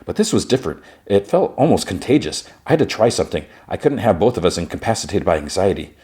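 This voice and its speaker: A man doing a deadpan security android. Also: deep voice, fast.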